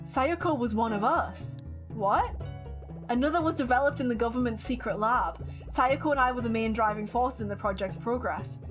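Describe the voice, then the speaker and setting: Woman playing a calculating male villain, flat and matter-of-fact, game dialogue, faint music. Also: fairly high pitch, normal speed, lightly acted. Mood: cold. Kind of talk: reading game dialogue aloud.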